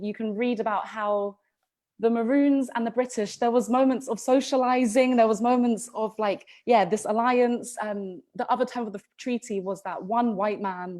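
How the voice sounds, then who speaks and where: A woman's voice: medium pitch, darkish tone. A woman co-hosting a history podcast, telling the story in a casual, chatty way with frequent ums and restarts. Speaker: podcast co-host.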